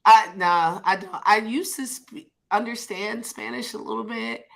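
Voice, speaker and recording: Bright-voiced New York woman. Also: fairly high pitch, unhurried. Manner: animated, laughs a lot, lots of fillers. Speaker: podcast co-host. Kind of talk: casual chat.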